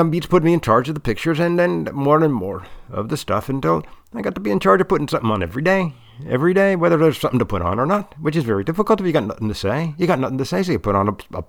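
A man talks in a rambling, comic monologue about his coaching work, circling back and repeating himself as he goes. His voice is gravelly and rough, with a pitch that jumps up and down all the time. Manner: rambling, repetitive, full of restarts. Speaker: debate coach.

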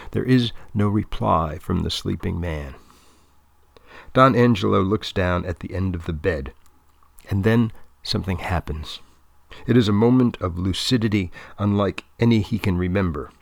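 A male storyteller with a low, gravelly voice, reading in a measured, deadpan way. The sound is close and dry, with no room echo at all. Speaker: narrator. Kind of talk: storybook narration.

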